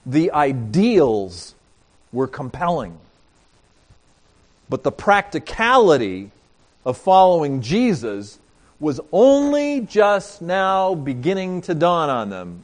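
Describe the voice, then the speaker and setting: A pastor preaches a sermon, telling a story and speaking directly to his congregation, moving between emphatic lines and quiet asides. His voice is fairly high and slow, with wildly swooping pitch.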